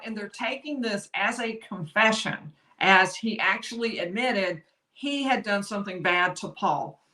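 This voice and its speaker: A woman's voice: medium pitch, a little slow, pushed and bright. A woman giving chatty legal commentary on a live stream, laughing easily and apologizing for tech slips. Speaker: lawyer commentator. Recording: roomy echo.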